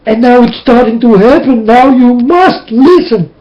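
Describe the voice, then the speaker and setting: A man's voice: very high-pitched, unhurried. A man whose first language is Dutch, speaking into a webcam in an emotional, tearful, preaching monologue. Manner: impassioned, tearful, repetitive preaching. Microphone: webcam mic. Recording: dull lo-fi webcam audio.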